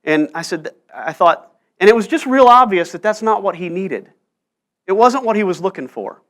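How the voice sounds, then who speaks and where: A man's voice: high-pitched, animated, moderate pace, fairly bright tone. A male pastor preaching a sermon in church, telling stories earnestly and pressing rhetorical questions. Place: church sanctuary.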